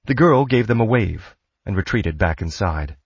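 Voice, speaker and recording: A man giving a steady, scripted audiobook narration. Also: on the low side, normal speed, breathy edge, no echo, highs cut off.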